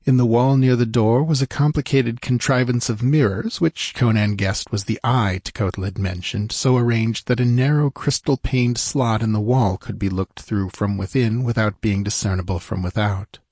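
A man reading an adventure novel aloud as audiobook narrator, measured and even. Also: mid-range voice, breathy edge, no room sound, studio quality. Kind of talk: scripted narration.

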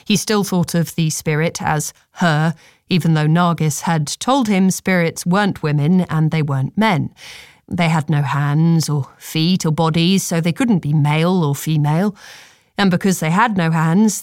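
Female audiobook narrator, slow, lowish, dry close sound. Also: darkish tone, no room sound.

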